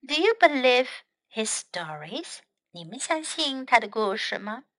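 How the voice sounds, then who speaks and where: Bright-voiced woman teaching kids English. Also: a little high, very animated, unhurried, dry recording. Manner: gentle, explaining to children. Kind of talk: children's story lesson.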